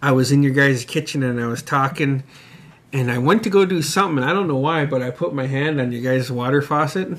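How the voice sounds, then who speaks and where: A man's voice: medium pitch, fairly quick, fairly bright tone. A man casually telling a rambling story in a podcast chat, swearing often and laughing along. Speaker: podcast co-host.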